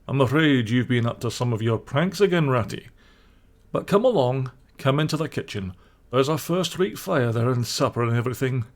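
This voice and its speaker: A man voicing a gruff, suspicious old male badger who turns kindly toward his friends. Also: medium pitch, animated, a little fast, lightly acted. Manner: gruff, then warmly welcoming.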